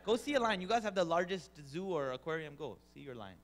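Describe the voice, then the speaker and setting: A male Quran teacher speaking to a live audience in a slightly higher-than-usual voice. He tells stories with animated energy, mimics sounds and voices, and teases the listeners playfully. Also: fast. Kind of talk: lively storytelling lecture to an audience.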